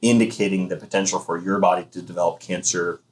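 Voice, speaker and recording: A man's voice: sits low, steady tone, slight background noise, rough recording. A man co-running a thermography clinic, explaining health screening emphatically in a casual discussion. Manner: emphatic, explanatory, fast-flowing.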